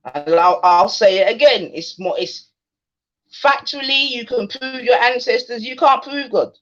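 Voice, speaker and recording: In dull, lo-fi stream audio, a female livestream host goads and challenges a doubter in slangy, casual speech. She talks a little slowly, with a fairly high-pitched voice.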